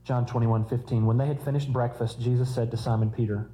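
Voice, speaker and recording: Mellow-voiced preacher. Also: male voice, mid-range voice, steady tone, brisk, rough recording. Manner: conversational preaching with humorous asides. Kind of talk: sermon.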